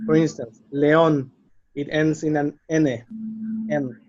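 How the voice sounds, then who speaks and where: A man teaches slowly and patiently, pausing to spell out letters and list examples. His voice sits a bit high for a man. The recording is slightly dull and lo-fi. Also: level tone, warm tone. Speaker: Spanish teacher. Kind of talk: slow explanatory lesson.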